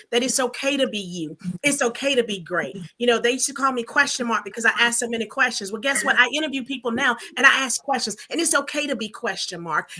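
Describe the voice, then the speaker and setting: A woman's voice: on the high side, bright, forceful tone, poor audio. A woman on a discussion panel, speaking in an emphatic, motivational way. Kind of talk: earnest group discussion.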